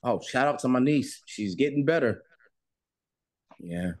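Animated joking man on a podcast. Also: mid-range voice, dry recording, clean studio sound. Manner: playful, animated, quick joking asides. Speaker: podcast co-host. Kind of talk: casual podcast banter.

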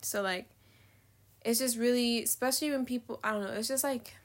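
A woman's voice: on the high side, fairly quick. A nineteen-year-old woman hosting a casual solo podcast, rambling with lots of fillers and swearing, with a slight lisp. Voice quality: says she has a slight lisp. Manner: rambling, swears freely, filler-heavy, laughs at herself. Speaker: podcast host.

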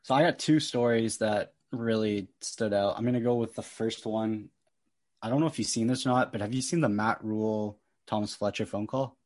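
A man's voice: lowish voice, fairly even intonation, moderate pace, darkish tone. A man co-hosting a casual sports chat, telling stories with animation and laughing often. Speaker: podcast co-host.

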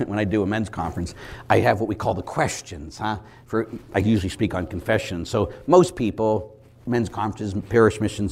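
A middle-aged man preaching as a priest, telling stories and acting out other people's voices, sometimes shouting for emphasis. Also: lowish voice, husky. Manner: animated storyteller who acts out voices and shouts for emphasis. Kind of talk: lively preaching with acted dialogue.

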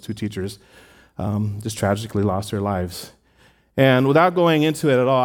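Associate pastor giving church announcements. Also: male voice, fairly low pitch. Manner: casual, warm-hearted church talk with fillers. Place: church sanctuary.

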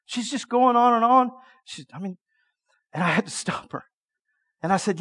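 Male preacher, sermon, animated voice swinging from whisper to shout, fairly high. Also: normal speed, long pauses, slightly rough. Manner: lively storytelling that swings from hushed to shouting.

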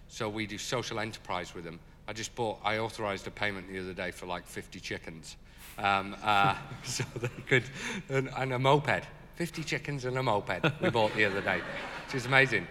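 A man's voice: fairly low pitch, a little fast, slight background noise. Man telling a story in a big echoing hall. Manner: animated, lots of fillers, laughs as he tells it. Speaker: charity leader. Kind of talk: storytelling in an interview.

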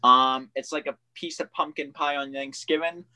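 A man's voice: on the high side, steady tone, moderate pace, pushed and bright. A man co-hosting a casual sports podcast, rambling and joking with frequent laughs.

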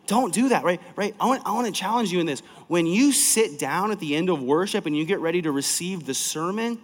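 A man preaching a sermon as pastor of a large church, emphatic and energetic, swinging from loud to soft. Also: a little high, fairly quick, few pauses, in a large hall, a little hiss or hum.

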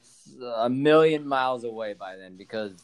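A man's voice: mid-range voice, animated, moderate pace, clear, resonant tone. Rambling man telling a story. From Illinois. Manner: rambling, many fillers and restarts. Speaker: podcast co-host. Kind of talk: casual chat, storytelling.

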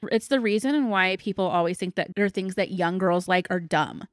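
A woman's voice: lowish voice, a little fast, smooth, no room sound, clean studio sound. A woman co-hosting a podcast, chatting casually and frankly, with some swearing. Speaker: podcast co-host. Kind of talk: casual chat.

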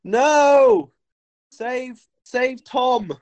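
A man's voice: high-pitched, lively intonation, moderate pace. A man voicing a hapless young male soldier who sounds whiny, pleading and flustered. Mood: desperate.

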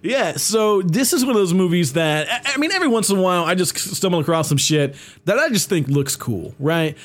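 A man's voice: sits high, animated, brisk. A man co-hosting a podcast, rambling casually with lots of fillers and swearing freely. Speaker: podcast co-host. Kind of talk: casual chat.

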